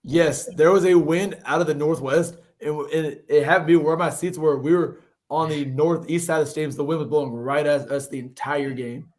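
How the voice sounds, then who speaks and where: Man, podcast guest, rapid-fire, slightly high voice, rambles and repeats himself. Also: fairly even intonation, darkish tone. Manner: rambling, repeats words while thinking. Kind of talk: casual sports chat.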